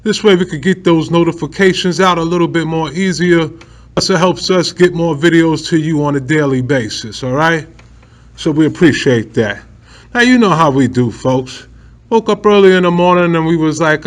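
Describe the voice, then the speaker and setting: Animated man hosting casual news talk. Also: a little high, moderate pace. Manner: animated, laughs often, slangy asides. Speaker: news commentary host.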